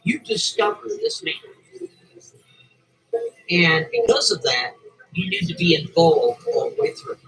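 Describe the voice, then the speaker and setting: Man voicing a commanding boss, businesslike, highish and animated. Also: a little slow, long pauses, faint music behind, heavily acted, rough recording. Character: commanding male company boss giving orders.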